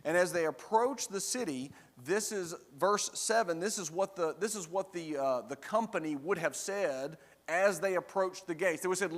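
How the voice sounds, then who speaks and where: Male Bible study teacher, a little high-pitched, conversational, explains verse by verse, church room with long reverb. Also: moderate pace, hardly any pauses. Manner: explains verse by verse, checks in with the class with "right?". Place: church classroom.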